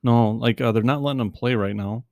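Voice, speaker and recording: A man's voice: mid-range voice, brisk, a little mellow, no echo, studio quality. A man casually chatting about fantasy football as a podcast co-host, rambling with many fillers and restarts, and he has the hiccups.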